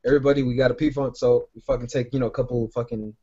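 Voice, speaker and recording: A man's voice: mid-range voice, fairly even intonation, fast talker, warm tone, slightly rough, muffled recording. A man co-hosting a podcast, telling a long rambling story full of profanity in casual chat. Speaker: podcast co-host.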